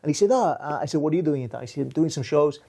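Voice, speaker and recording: A man's voice: on the high side, animated, very fast, vocal fry, dark tone, slightly rough. A man hosting a casual podcast chat, telling rambling anecdotes and laughing often. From Wales. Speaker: podcast host.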